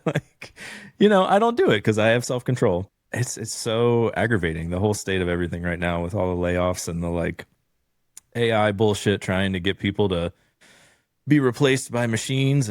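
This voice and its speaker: Laid-back low-voiced man on a dry mic. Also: no echo. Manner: laid-back, frequent "like" fillers, swears casually. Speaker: podcast host. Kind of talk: casual podcast chat.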